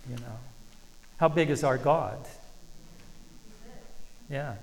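A man preaching a sermon as pastor, earnest and halting with restarts, slowing down when he reads scripture aloud. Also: mid-range voice, vocal fry. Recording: long reverb of a hall.

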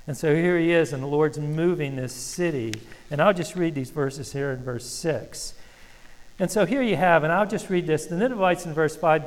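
A man preaching a sermon as pastor, earnest and halting with restarts, slowing down when he reads scripture aloud. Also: on the high side. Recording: long reverb of a hall.

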